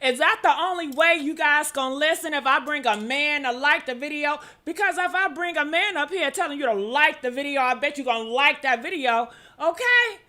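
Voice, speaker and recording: Woman host, casual gossip stream, high and bright, exclamatory, lots of "honey" and "okay?", sudden whoops. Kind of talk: casual livestream gossip chat.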